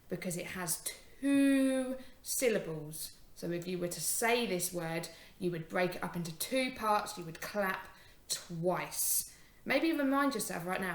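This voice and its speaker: A woman's voice: fairly low pitch, a bit bright, roomy sound. Encouraging woman teacher sounding out words. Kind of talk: phonics lesson for young children.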